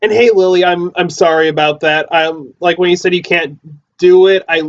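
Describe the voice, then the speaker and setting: A man's voice: high-pitched, steady tone, normal speed. A man hosting a casual livestream from a basement, rambling and repeating himself with lots of fillers, recorded on a phone or computer mic. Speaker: livestream host. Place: house basement. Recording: dull lo-fi phone audio.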